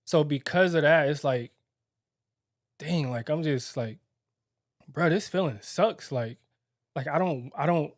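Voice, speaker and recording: In a dry, studio-quality recording, a young man with a voice on the high side co-hosts a podcast with his wife. His candid reflections are halting, packed with fillers and false starts.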